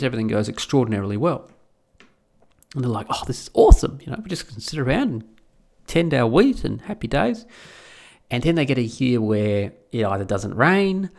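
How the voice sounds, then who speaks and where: Casual male ranter, gravelly, rambling and profane, mid-pitched. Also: a bit bright. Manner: profane, rambling, with many restarts. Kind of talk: casual rant.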